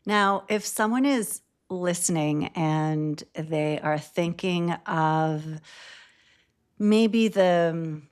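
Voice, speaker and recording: A woman in her fifties hosting a podcast, reflective and soft-spoken, often murmuring agreement. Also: on the low side, very slow, smooth. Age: 50s. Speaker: podcast host. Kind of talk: casual interview chat.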